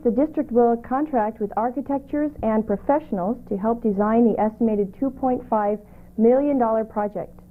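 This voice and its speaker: A woman reads the local news and weather at an even, measured pace. Her voice sits a bit high. The audio is thin and tinny, like an old videotape. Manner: steady, measured reading. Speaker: news reader on community cable show. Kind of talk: read local news segment.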